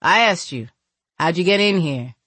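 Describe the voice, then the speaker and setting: A woman's voice: on the low side, expressive, normal speed, a bit bright, dry recording. Woman playing a cold, menacing crime boss.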